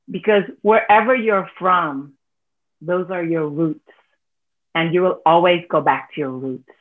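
A woman with a Filipino accent, a teacher speaking earnestly on a panel discussion, sometimes laughing softly as she talks. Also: lowish voice. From Philippines. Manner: earnest, heartfelt, laughs softly while talking. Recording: tinny phone-like video call audio.

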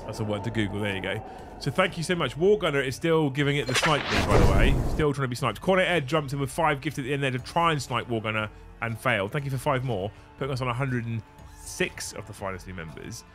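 A man in his thirties hosting a livestream, animated and joking, swearing casually, on a studio mic. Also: medium pitch, fast, over music. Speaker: livestream host.

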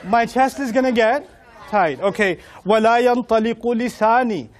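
A middle-aged man giving a humorous storytelling talk to an audience, animated and jokey, acting out quotes and voices. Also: very high-pitched, very fast, a faint crowd. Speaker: Islamic speaker.

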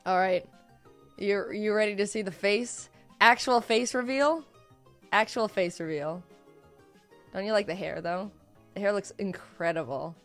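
A woman streaming live in casual chat, hoarse and worn out, giggly and excitable, often repeating herself. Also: medium pitch.

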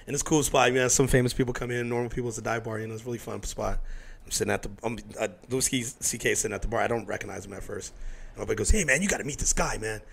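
Fast-talking, gravelly-voiced male host. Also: fairly low pitch, flat delivery. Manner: loose, profane storytelling with impressions of others. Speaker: podcast host. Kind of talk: casual interview chat. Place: home studio.

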